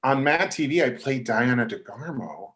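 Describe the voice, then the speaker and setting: A middle-aged man on a podcast, chatting through his career stories. His voice sits in an ordinary middle pitch. He keeps slipping into quick impressions of the people he describes. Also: crowd noise. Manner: animated, acts out quoted voices. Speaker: podcast guest. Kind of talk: casual storytelling.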